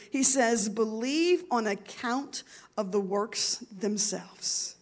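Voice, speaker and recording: A woman's voice: high voice, a bit bright. A woman in her forties preaching an earnest, emotional sermon, her voice swelling and dropping. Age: 40s.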